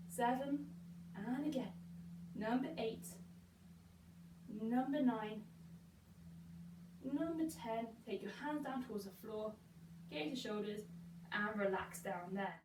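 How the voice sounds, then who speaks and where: A woman's voice: on the high side, recorded from a distance. A young woman guiding a pilates workout, counting reps aloud in an encouraging way. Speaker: pilates instructor. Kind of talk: guided workout instruction. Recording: echoey room, voice from afar, faint hiss.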